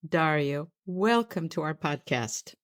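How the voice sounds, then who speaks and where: Measured woman hosting a medical podcast. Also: sits low, animated. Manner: measured, formal presenter delivery. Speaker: podcast host. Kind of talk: scripted podcast introduction.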